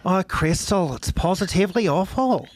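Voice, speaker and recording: A man's voice: sits high, expressive, moderate pace. A man voicing Marie, a young woman stuck with chores, breathless, wide-eyed and eager, in a comic scene read aloud.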